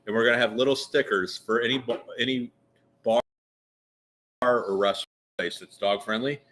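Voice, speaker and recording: A man with a bright, sharp-edged voice hosts a casual live interview at a meadery bar. He banters and rambles. His pitch is mid-range for a man. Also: normal speed. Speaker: host.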